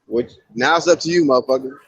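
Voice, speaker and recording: A man's voice: mid-range voice, fast, husky, no room sound, dull audio. A man co-hosting a casual, profane chat, talking blunt and emphatic. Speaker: podcast co-host.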